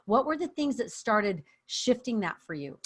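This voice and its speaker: A woman's voice: fairly high pitch, big pitch swings, moderate pace, slightly rough. A woman hosting an interview podcast, affirming her guest and asking questions. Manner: warm, affirming, asks questions. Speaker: podcast host.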